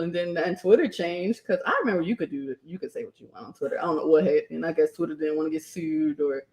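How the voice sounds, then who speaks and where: A woman's voice: lowish voice, fairly quick, hardly any pauses. A young adult woman, chatting casually on a live stream, laughing often and raising her voice when quoting herself. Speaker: streamer and channel host.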